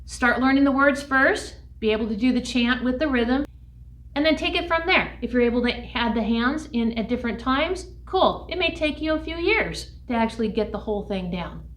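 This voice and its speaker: A woman's voice: expressive, recorded from a distance. Upbeat woman teaching music to kids, echoey room. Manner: upbeat, speaks slowly and clearly to young kids; shouts chant calls in a high voice. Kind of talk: online music lesson for children.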